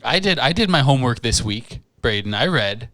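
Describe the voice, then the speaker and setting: A young man co-hosting a podcast, bantering casually in a deadpan, self-mocking way. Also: medium pitch, normal speed, dry recording. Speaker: podcast co-host. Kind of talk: joking casual chat.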